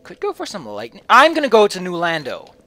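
A let's play host giving joking gameplay commentary, animated and goofy, switching between loud outbursts and mumbling. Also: mid-range voice, a little fast, slight background noise.

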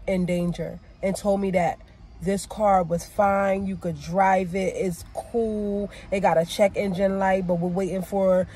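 A woman's voice: medium pitch, dark tone. A woman vlogging from her car, venting angrily about a breakdown and later chatting with relief to her viewers. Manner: frustrated, venting, swearing. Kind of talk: casual vlog rant to camera. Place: in a car by the roadside, then driving. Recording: faint car and street noise.

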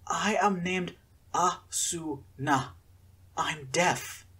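A man voicing a shy deaf teenage girl who speaks in a halting, careful way. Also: fairly high pitch, wildly swooping pitch, breathy edge, pitched above the performer's own voice, exaggerated voice.

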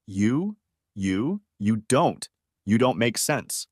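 A man's voice: very animated, normal speed, no room sound, clean studio sound, natural voice. Male narrator doing a pleading young wife: raised voice, stammers, begs. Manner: higher, stammering, tearful pleading. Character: cheating young wife, woman, flustered and pleading.

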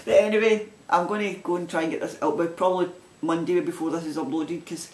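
Man, broad Glaswegian accent, knitting podcast host, casual rambling chat, slightly high voice, roomy echo. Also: little pitch movement, fast. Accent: Glaswegian Scottish. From Scotland. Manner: rambling and chatty, with frequent restarts.

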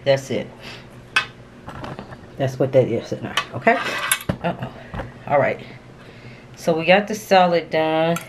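A woman vlogging casually while cooking in her home kitchen, excitable and calling viewers honey and y'all. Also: sits low, a little slow, long pauses, background noise. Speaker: family vlogger.

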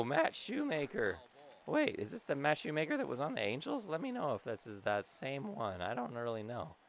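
A young man giving casual, excitable commentary while playing a video game, talking to himself and his player. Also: on the high side. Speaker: gaming YouTuber.

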